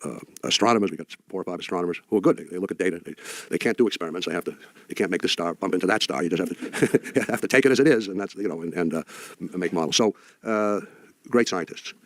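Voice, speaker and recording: An older man speaking to an audience, telling wry anecdotes in a halting way with frequent restarts. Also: deep voice, dry recording. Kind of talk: anecdotal talk.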